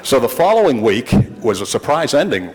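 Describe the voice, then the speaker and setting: A man's voice: medium pitch, very animated, brisk, big-room sound. A man in his sixties, a longtime reporter, telling rambling, wry anecdotes to a city council in a large chamber. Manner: rambling, wry, with frequent restarts. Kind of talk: anecdotal storytelling.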